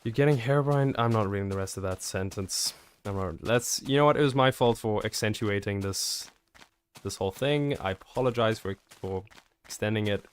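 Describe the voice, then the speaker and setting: A man's voice: on the low side, a little hiss or hum. Chatty man answering his stream chat. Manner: chatty, joking and reacting to viewer messages. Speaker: game streamer.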